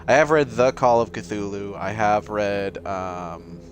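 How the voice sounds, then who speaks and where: A man's voice: lowish voice, slow. A man with a mild Massachusetts accent giving casual, jokey and profane commentary as he plays a video game. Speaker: let's play host.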